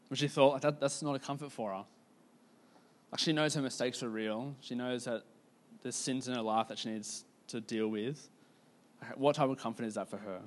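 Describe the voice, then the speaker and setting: A man preaching a sermon in a casual, conversational storytelling way, with lots of "like" fillers and slowing down to stress key points. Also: mid-range voice. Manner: casual, filler-heavy, slows down for emphasis.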